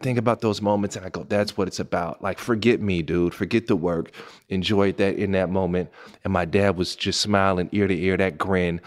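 Speaking at normal speed, this podcast host, a Pasadena, California native in his thirties who used to play in the NBA, tells his listeners a personal story. His voice leaps up with excitement and sinks low and soft when he's moved.

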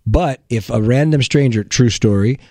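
A man's voice: medium pitch, normal speed, a little mellow, no echo. A man in casual chat, teasing his partner with wry comments. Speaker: partner of the guest.

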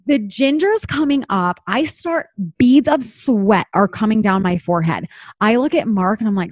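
A woman's voice: mid-range voice, normal speed, no echo, clean studio sound. A woman in her thirties from Utah, telling a story in casual chat, full of "like" and acted-out quotes. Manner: animated, lots of "like", acts out quotes.

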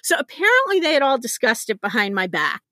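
A middle-aged woman, a podcast guest, telling a story with real animation and a habit of laughing at herself. Her voice sits high and swings widely in pitch. The recording is close and dry, with almost no room sound. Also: quick pace, no room sound. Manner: animated, laughs often, self-deprecating. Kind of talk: conversational storytelling.

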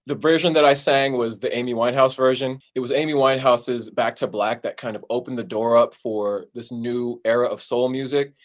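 A male singer talking in a relaxed, easygoing way as an interview guest. His voice sits in an ordinary middle range, and his speech is loose and full of fillers. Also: medium pitch, brisk, hardly any pauses. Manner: relaxed, laid-back, with fillers and playful sung bits. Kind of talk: casual interview chat.

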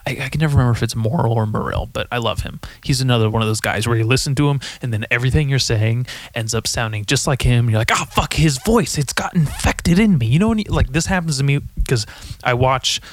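A man's voice: mid-range voice, fast, no room sound. A young man hosting a solo podcast, rambling profanely and correcting himself often. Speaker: podcast host.

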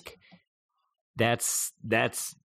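A man's voice: drawn-out words, a bit bright, no room sound, clean studio sound. A man from the American South co-hosting a podcast in casual chat, blunt and incredulous, laughing easily. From Southern United States. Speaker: podcast co-host.

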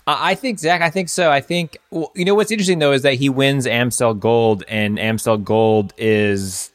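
A man's voice: medium pitch, moderate pace. A man co-hosting a casual podcast chat, talking in a loose, rambling way with many fillers. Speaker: podcast co-host. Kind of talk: casual chat about cycling.

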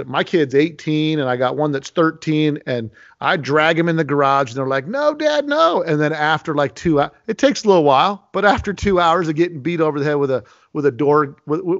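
A man in his forties talks like a host swapping stories, lively and animated, often tripping over his words and starting his sentences again. His voice sits a little high for a man. The recording sounds dull and muffled. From Las Vegas. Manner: animated storyteller, many restarts. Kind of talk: casual podcast conversation. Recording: lo-fi muffled audio.

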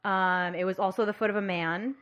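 A woman's voice: medium pitch, fairly even intonation, fairly quick, a bit bright, lo-fi sound. A bubbly woman host tells a case to her friends in easy casual chat. She giggles often and slips in puns. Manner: bubbly, giggly, pun-loving storyteller. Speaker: podcast host presenting the case.

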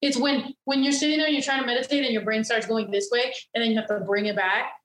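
A woman's voice: fairly high pitch, steady tone, fast talker, fairly bright tone, echoey room, a little hiss or hum, low-quality recording. A woman co-hosting a casual chat, talking candidly with lots of swearing and fillers. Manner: candid, profane, rambling with many fillers.

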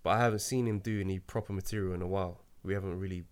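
A man's voice: low-pitched, fairly even intonation, very fast, smooth. A man who works as a stand-up comedian, talking in an emphatic, slangy way in a casual chat.

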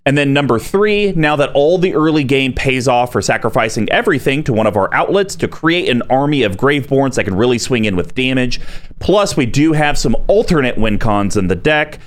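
A man in a casual conversation lays out a plan in order, one idea after another. He sounds relaxed and easygoing, with a middle-pitched voice. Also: fairly quick. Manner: relaxed, explains strategy step by step. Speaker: podcast co-host. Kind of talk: casual chat explaining deck strategy.

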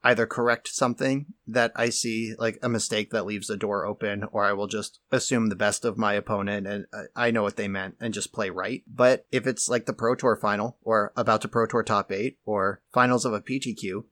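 Man explaining in a low, measured voice. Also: steady tone, fairly bright tone, no echo. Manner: measured, lecturing explanations with filler "like". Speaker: podcast co-host. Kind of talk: casual explanatory chat.

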